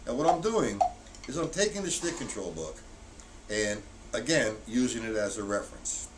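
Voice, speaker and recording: A man's voice: medium pitch, lively intonation, normal speed, pauses often. Guy teaching drums on a stream, counts it out and hits the accents hard, mic kinda far off. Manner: counts out loud, stressing accented beats. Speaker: drum teacher. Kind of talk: live-streamed drum lesson. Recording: distant mic, loud background noise.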